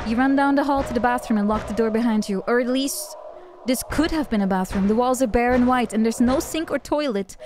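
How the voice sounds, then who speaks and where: A woman's voice: fairly high pitch, brisk, over music. A woman streamer, native Dutch speaker, reading horror game text and chatting casually with viewers, often giggling. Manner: chatty, giggly, self-mocking.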